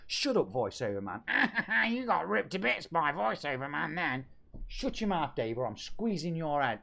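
A man in his forties from England with a British accent, chatting on his live game stream with excitable shout-outs and banter. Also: fairly high pitch, normal speed, vocal fry. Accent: British English. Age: 40s. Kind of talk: lively live-stream chat. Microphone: home streaming microphone.

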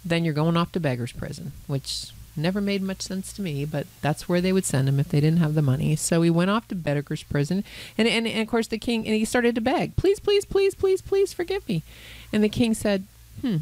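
A woman, a Christian counselor co-hosting a podcast, retelling a Bible parable in a lively storytelling way. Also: fairly low pitch, brisk, rough recording. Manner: animated storyteller who voices characters. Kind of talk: conversational Bible teaching.

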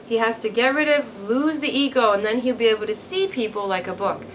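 A woman's voice: on the high side, expressive, a little fast, a little hiss or hum. A woman teacher retelling a story for English learners, acting out the dialogue and checking in with "okay?" and "right?".

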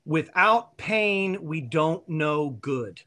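A man guest telling long, animated stories and laughing at his own jokes. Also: a little high, extremely slow. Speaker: guest, band member. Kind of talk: storytelling interview answer.

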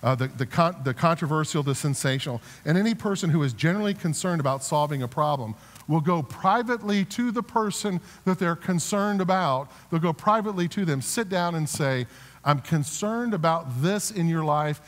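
Man, pastor, earnest sermon, slightly high voice, reverberant church sanctuary. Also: animated, fairly quick. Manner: earnest preaching with repeated restarts; builds to emphatic exhortation.

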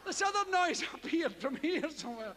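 A Scottish man doing stand-up, telling a profane story in an animated way and acting out yells and strange noises himself. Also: extremely high pitch, moderate pace, long reverb tail, a little hiss or hum. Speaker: stand-up comedian. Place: theatre stage before a live audience.

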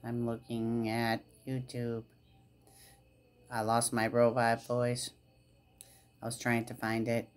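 A woman's voice: very deep voice, monotone, slow pace, long pauses. A woman vlogger talking to camera in a casual, rambling way, laughing often and repeating herself. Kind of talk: casual rambling vlog chat.

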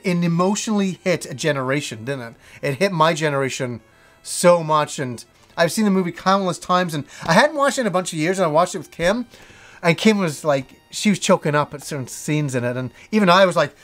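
A middle-aged man hosting a show, talking casually and excitedly about his favourite movies, rambling with restarts and the odd swear word. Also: a little high. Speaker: host. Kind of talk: casual movie list talk.

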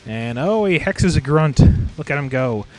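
A man's voice: on the high side, expressive, normal speed. Profane joking male game commentator. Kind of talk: casual replay commentary.

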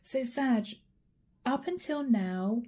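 Husky woman doing a tarot reading. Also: fairly high pitch, expressive, slow pace, warm tone. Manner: direct, probing questions to the viewer. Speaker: tarot reader.

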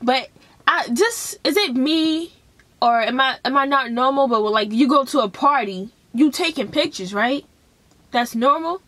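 A young woman with a high voice tells a school drama story straight to camera. She talks in a casual, profane, animated way and acts out the other people's lines as she goes. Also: unhurried, dry recording. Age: young adult. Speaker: vlogger telling a story.

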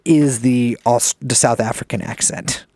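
A young man co-hosting a podcast, rambling and swearing, often cutting himself off, with big jumps in pitch. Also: fairly even intonation, a little slow, a little mellow, no room sound, studio quality. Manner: rambling, swearing, self-interrupting with wide pitch swings. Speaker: podcast co-host. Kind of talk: casual podcast chat.

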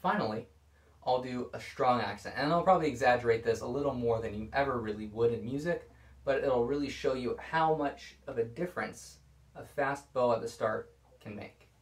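A man calmly explaining violin bowing technique in a scripted video lesson. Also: mid-range voice, moderate pace. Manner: calm, explanatory. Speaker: violin teacher. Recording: echoey room.

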